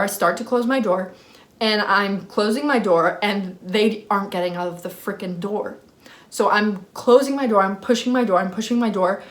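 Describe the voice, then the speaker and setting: A young woman tells a story in a casual story-time vlog, chatty and animated. She reenacts screaming at a high pitch and uses lots of fillers like "like" and "freaking".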